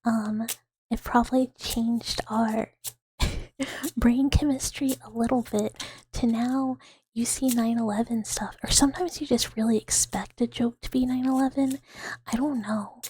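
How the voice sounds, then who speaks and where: A woman in her thirties hosting a whispered ASMR livestream, breathy and giggly, rambling as she greets chat on a close mic. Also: a little high, fairly even intonation, a little slow, warm tone. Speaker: ASMR streamer.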